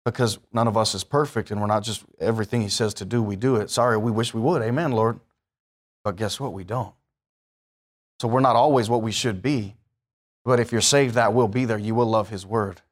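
A man's voice: fairly low pitch, fairly quick. A man, sounding, preaching a sermon in a conversational way that rises to emphatic bursts and puts questions to the listeners.

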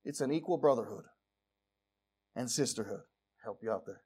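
A husky, medium-pitched man delivers a sermon at a moderate pace. He fills it with jokey, down-home stories, veering from hushed remarks to loud outbursts.

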